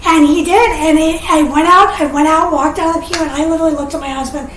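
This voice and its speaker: A woman giving an earnest, emotional personal testimony as a podcast guest, animated and sometimes tearful. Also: high-pitched, fast. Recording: roomy, distant mic, faint noise.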